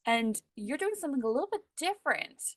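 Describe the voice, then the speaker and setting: A woman's voice: high voice, sing-song, fast talker, no echo. A woman interviewing a guest in a casual chat, eager and enthusiastic.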